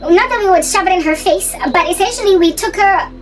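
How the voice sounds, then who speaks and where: A young woman telling a school story in a casual, animated, giggly way. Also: very high voice, soft background music. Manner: giggly, animated, quick asides. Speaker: channel host.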